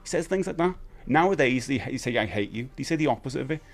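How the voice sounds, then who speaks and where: A British man in his forties hosting a casual live stream, animated, jumping between excited high bursts and low mutters. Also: fast talker. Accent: British English. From United Kingdom. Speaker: livestream host.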